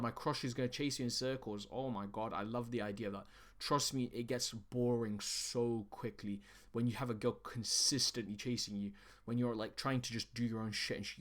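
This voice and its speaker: A man's voice: mid-range voice, fairly bright tone. A young man presenting as a dating coach in an online lesson, talking bluntly with heavy profanity and calling his viewers guys and bro.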